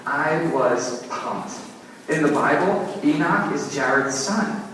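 A young man, a pastor, preaching a sermon with lively, self-mocking storytelling. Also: fairly high pitch, takes it slowly, far from the mic, a little hiss or hum. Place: church sanctuary. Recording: echoey church hall, mic from afar.

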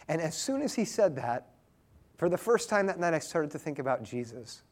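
Male pastor, thirties to forties, earnest sermon, unhurried and tender, a touch higher than most men. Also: expressive, a little mellow. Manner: earnest, slow and tender storytelling.

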